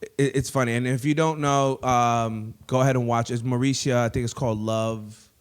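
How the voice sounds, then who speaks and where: A man's voice: mid-range voice, steady tone, moderate pace, smooth. A man hosting a comedy podcast in a studio, chatting casually with lots of rambling, laughter and crude asides.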